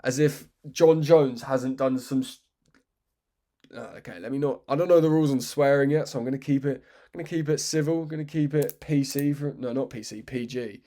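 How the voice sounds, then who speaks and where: A man's voice: medium pitch, quick pace, dark tone. A man giving unscripted, rambling commentary, swearing freely and often cutting himself off, with a sarcastic edge. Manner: rambling, swearing, self-interrupting. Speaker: MMA commentary vlogger.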